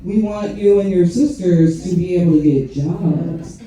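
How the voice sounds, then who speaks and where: A woman comedian briefly becomes her practical mother, laying out the reasoning in a flat, matter-of-fact way. The voice is dark and mellow. It sounds roomy and a little distant, like a club set caught from the back. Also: on the low side, a little slow, natural voice. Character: practical mother explaining a child's name.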